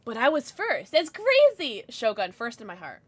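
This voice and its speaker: A young woman streaming live, chatting casually with her viewers and squealing with excitement as she reads chat. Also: on the high side, moderate pace, dry recording. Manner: chatty, bubbly, squeals when reading chat.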